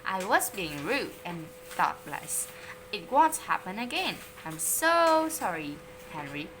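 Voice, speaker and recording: A woman's voice: mid-range voice, big pitch swings, slow, fairly bright tone, a little hiss or hum, poor audio. A woman voicing a prim, goody-goody little boy in a storybook. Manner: sweet, prim.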